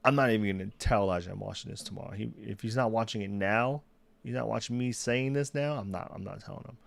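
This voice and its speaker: A man's voice: lowish voice, fast talker, creaky. A young man chatting casually on a solo livestream, rambling, restarting sentences and laughing at himself. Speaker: streamer. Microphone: desk mic.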